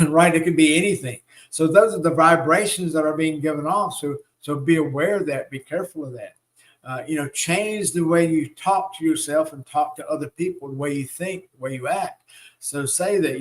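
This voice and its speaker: A man's voice: fairly high pitch, normal speed. A man hosting a live spiritual teaching. He coaxes his listeners along and checks in often with "right?" and "okay?" as he leads them through repeated affirmations. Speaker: spiritual teacher and show host.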